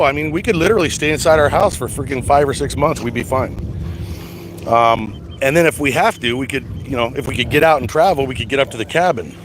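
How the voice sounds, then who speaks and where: A middle-aged man from the United States hosting a casual livestream chat, rambling with stammered restarts and casual swearing. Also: mid-range voice. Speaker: livestream host reading chat. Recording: steady background noise.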